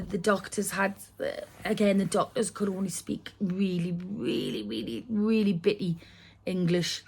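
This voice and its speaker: Woman telling a personal story. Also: mid-range voice. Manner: rambling, with many restarts and asides. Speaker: vlogger.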